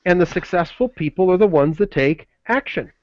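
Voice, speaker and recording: A man co-hosting a webinar, delivering a pushy motivational sales pitch full of repeated slogans. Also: expressive, a little fast, dry recording, muffled recording. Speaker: webinar co-host.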